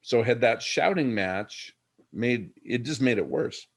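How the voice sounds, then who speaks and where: A man's voice: mid-range voice, lively intonation, unhurried, creaky. A middle-aged man, a podcast guest, telling a personal story in an earnest, reflective way. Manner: earnest, reflective, addresses the host by name.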